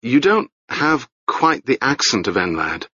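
A man's voice: medium pitch, very animated, slow pace, pushed and bright, breathy edge, dry recording, dull audio, voice pushed up, full character voice. A man voicing an earnest, somewhat hesitant young prince in a storybook reading.

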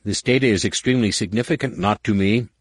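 Man doing a raspy alien warlord, curt and threatening, lower-pitched, dry close sound. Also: fast talker, no echo. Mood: stern. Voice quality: rasping, growling. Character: stern alien male war master, menacing.

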